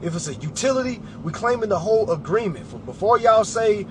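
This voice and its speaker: A man's voice: sits high, animated, normal speed, a little hiss or hum. A man in a casual talk to camera, advising clients in an emphatic, preachy way, calling listeners y'all and family. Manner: colloquial, addresses audience as y'all and family.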